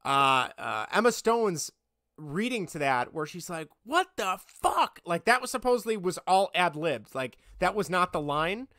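A man co-hosting a podcast in casual chat, retelling movie scenes in a rambling, animated way and thinking aloud as he looks things up. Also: a little high, normal speed, dry recording, clean studio sound. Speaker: podcast co-host.

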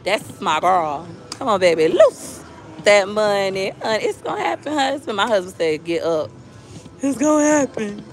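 A woman's voice: medium pitch, big pitch swings, normal speed. Woman gambling vlogger, live from a casino, hypes the machine and banters with viewers over faint music. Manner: cheers the machine on, chatty with viewers. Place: casino floor.

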